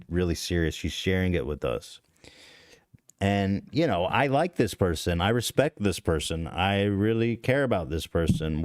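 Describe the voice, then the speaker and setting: In a podcast studio, a male host rambles through a story in a profane, self-deprecating way, restarting often, as casual confessional talk. His low-pitched, darkish voice is captured with studio quality and no room sound.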